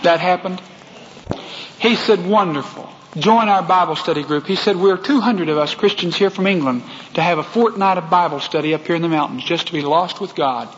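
Texan preacher in a reverberant hall. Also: male voice, high voice, fairly quick, muffled recording, slight background noise. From Texas. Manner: folksy, addresses the congregation directly. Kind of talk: sermon with personal storytelling.

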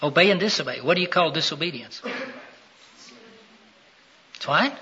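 Middle-aged male preacher, husky and bright, emphatic sermon delivery, dull lo-fi recording. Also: a little high, lively intonation, unhurried, long pauses. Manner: calls out questions to the congregation, rising to loud emphatic peaks. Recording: dull lo-fi sound.

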